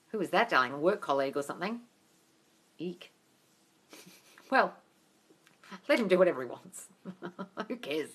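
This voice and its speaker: A woman with a high, bright voice runs a live-stream Q&A, answering viewers' comments. She is blunt and sweary, calls everyone darling, and every so often bursts into loud, excited cheers. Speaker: manifestation coach answering live chat.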